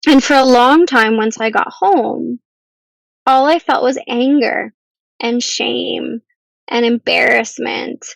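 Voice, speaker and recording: A woman telling a painful personal story as a podcast guest, earnest and halting, at times close to tears. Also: a little high, fairly even intonation, gravelly, dry recording, poor audio. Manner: earnest, halting, with restarts and ums.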